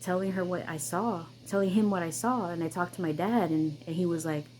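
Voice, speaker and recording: This vlogger speaks a little fast with a fairly low, fairly even and slightly mellow voice, over slight background noise in rough audio. She insists on her personal story emphatically, with many repeats and restarts, on her own channel.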